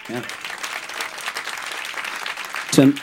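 A man, a guest bandleader, introducing his bandmates on air in a relaxed, joking way with lots of fillers. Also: drawn-out words. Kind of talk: introducing band members on air. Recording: live studio with crowd and clicks. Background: audience noise and clicks.

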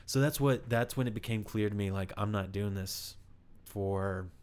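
Candid, rambling actor with a lowish voice. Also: male voice, normal speed, a little mellow. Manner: candid, rambling with many "like" fillers. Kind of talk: casual interview storytelling.

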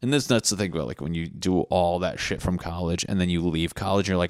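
A man's voice: sits low, quick pace, few pauses, no room sound, clean studio sound. A young man from Connecticut hosting a podcast, telling rambling, crude stories full of swearing in a casual monologue. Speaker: podcast host.

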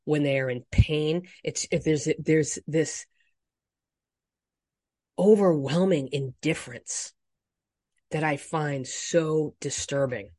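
A woman hosting a solo dating podcast, reacting with frank, profane indignation and swinging between quiet emphasis and loud outbursts. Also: low-pitched, slow, pauses often, no echo, clean studio sound. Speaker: dating coach podcast host.

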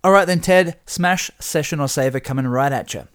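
A man co-hosting a podcast in a relaxed, conversational way. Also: a little high, brisk, soft background music. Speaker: podcast co-host. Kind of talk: casual whisky podcast chat.

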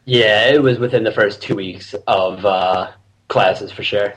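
A man's voice: lowish voice, measured pace, fairly bright tone, a little hiss or hum, rough recording. A young man, a podcast guest, chatting casually and swearing as he tells a story with laughs. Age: young adult. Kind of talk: casual chat.

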